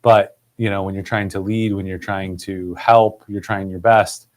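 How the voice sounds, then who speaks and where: A man's voice: low voice, flat delivery, moderate pace. A man hosting a podcast in casual conversation, rambling and leaning on "like" as filler. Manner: rambling, heavy use of "like".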